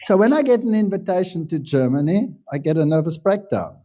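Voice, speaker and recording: A pastor giving a sermon in a casual, conversational way, telling stories with self-deprecating humor. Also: male voice, sits high, sing-song, fairly quick, mellow. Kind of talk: anecdotal sermon talk.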